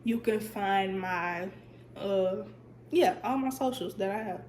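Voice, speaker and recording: A young woman on her vlog speaks slowly in a mid-range voice, telling a chatty, animated storytime and repeating herself for emphasis. Her voice is somewhat stuffy and cuts in and out. The room is echoey, with a little hiss or hum.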